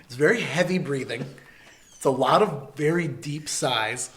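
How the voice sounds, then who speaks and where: A man's voice: mid-range voice, unhurried, a bit bright. A young man co-hosting a podcast, telling a story in loose, rambling casual chat full of restarts. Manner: rambling, restarts, mock voices for others. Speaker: podcast co-host.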